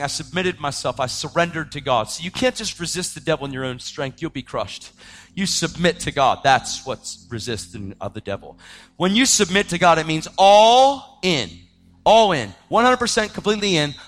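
A man preaching his testimony in a dramatic storytelling style, swinging between loud outbursts and hushed tones. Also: mid-range voice. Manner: acts out the voices of people in his story. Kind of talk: testimony sermon.

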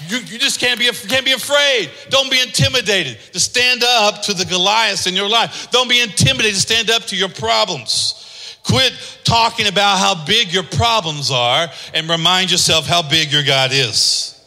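A pastor preaching an emphatic, repetitive sermon in a church hall. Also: male voice, high voice, normal speed, pushed and bright. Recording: echoey hall.

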